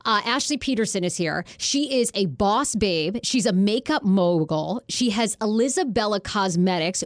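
A young woman hosting a podcast in casual chat, loud and bubbly, swearing freely. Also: mid-range voice, dry recording, studio quality. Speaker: podcast host.

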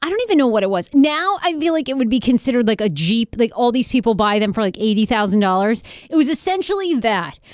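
Animated thirties woman podcast host, rambling chatty delivery, slightly high voice, dry close sound. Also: quick pace, few pauses, dry recording. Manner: chatty, rambling, many likes. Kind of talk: casual chat.

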